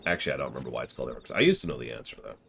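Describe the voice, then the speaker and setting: A man's voice: rumbling low, big pitch swings, racing, gravelly, fairly bright tone, a little hiss or hum. A man streaming and reviewing a game, talking casually with sardonic, ranting humor. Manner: sardonic, ranting with mock vehemence. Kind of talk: casual game commentary while reading dialogue aloud.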